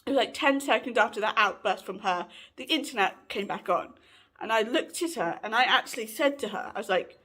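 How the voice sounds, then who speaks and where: A woman's voice: fairly high pitch, sing-song, moderate pace, a bit bright, husky. A woman in her late twenties telling a personal story to camera in a chatty, rambling way, often correcting herself, recorded indoors at home. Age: late 20s. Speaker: vlogger.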